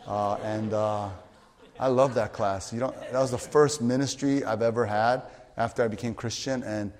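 A male pastor preaches to a retreat crowd, spinning a personal story with lively energy. His voice sits in a middle pitch, and he talks with plenty of fillers and restarts. The long reverb of a large hall trails after each phrase. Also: moderate pace. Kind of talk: sermon.

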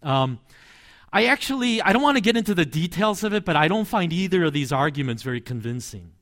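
A man preaching a sermon in a relaxed, chatty way, his voice a little higher than most and full of rises and falls. He tells stories, adds asides, and chuckles now and then. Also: fairly quick. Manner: conversational, storytelling with asides and chuckles. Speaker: pastor.

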